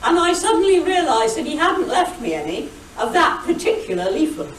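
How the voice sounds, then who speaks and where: A woman's voice: high-pitched, big pitch swings, slight background noise. An older woman giving a witty, anecdotal talk as guest speaker, recorded from a distance in a hall over a video call. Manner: brisk, witty storyteller, mimics shouted quotes. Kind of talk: anecdotal after-dinner talk. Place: meeting hall.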